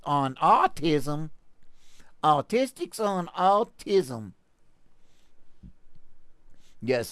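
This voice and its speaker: A man's voice: on the high side, smooth, no echo, studio quality. A man from Texas with a Texan accent, hosting a show and reading a news article aloud, with sarcastic asides and stumbling restarts. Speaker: podcast host.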